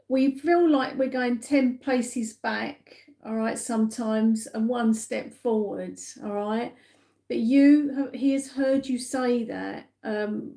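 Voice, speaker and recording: A woman giving a live psychic reading, speaking gently and haltingly with many fillers and repeats. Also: a little high. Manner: soft and emotional, addresses viewers by name. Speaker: psychic medium. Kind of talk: live-streamed spirit reading.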